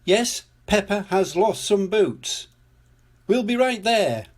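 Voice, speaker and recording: An older man reads as a cheerful storybook father pig, hearty and upbeat. The words come slowly in a slightly breathy voice. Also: high voice, animated, pitched above the performer's own voice, exaggerated voice. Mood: jolly. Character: cheerful daddy pig, jolly.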